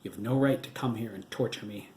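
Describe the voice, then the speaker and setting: A man's voice: fairly low pitch, fairly quick, darkish tone, echoey room, slight background noise, natural voice. A man voicing a bitter, scornful widow. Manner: scornful, snapping, breaking into sobs. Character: bitter middle-aged widow, sharp-tongued and defiant.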